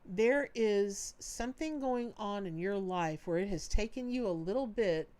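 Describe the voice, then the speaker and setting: A woman hosting a live-stream tarot reading, chatty and animated with folksy, warm-hearted talk. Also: mid-range voice, unhurried. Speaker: tarot reader hosting a charity livestream.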